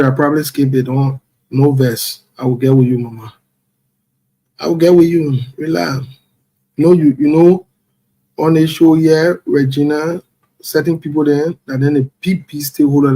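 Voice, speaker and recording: A man's voice: a little high, fairly even intonation, moderate pace, dark tone. A man hosting a casual live stream, playfully greeting viewers by name and chuckling as he goes. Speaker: livestream host.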